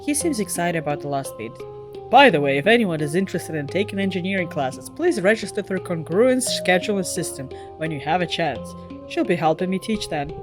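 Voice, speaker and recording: A weary male teacher on a space colony, voiced by a woman reading game text. He speaks in a plain reading tone with a lively, varied pitch. Faint music plays behind. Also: fairly quick, close to an everyday voice. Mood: easygoing.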